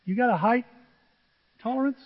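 High-voiced man preaching in a reverberant church. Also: normal speed. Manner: humorous storytelling, animated asides to the congregation. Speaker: pastor. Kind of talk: sermon. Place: church sanctuary. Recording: dull reverberant church recording.

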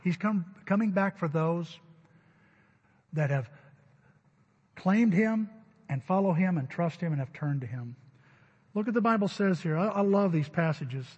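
A man preaching a Sunday sermon as pastor, emphatic and rising to loud stresses. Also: sits high, expressive, unhurried, long pauses, slightly rough. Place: church sanctuary. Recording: dull recording with long hall reverb.

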